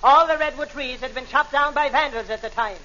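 A man's voice: very high voice, fairly quick, bright, forceful tone. A man voicing a stubborn long-haired crank who hates barbers, in a stage brogue that says "me" for "my", blustering into indignant outbursts in a 1940s radio comedy sketch. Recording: dull lo-fi old radio broadcast.

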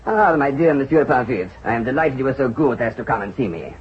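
A man's voice: mid-range voice, fast, a little hiss or hum, natural voice. A man playing a flamboyant, persuasive financier. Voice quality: expansive, persuasive, lively intonation. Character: flamboyant smooth-talking male Parisian financier. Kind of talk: vintage radio drama acting. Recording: dull old radio drama recording.

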